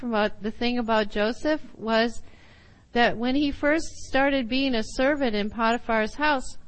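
A woman teaching a sermon, reading scripture aloud and then explaining it, with laughs and quick asides. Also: a little high, low-quality recording. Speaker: Bible teacher.

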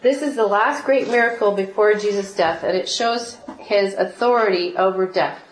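Animated woman reading and explaining scripture, mid-range voice, roomy recording. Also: medium pitch, normal speed, a little hiss or hum. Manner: animated, laughs often, acts out quoted voices. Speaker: Bible study teacher. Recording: roomy echo.

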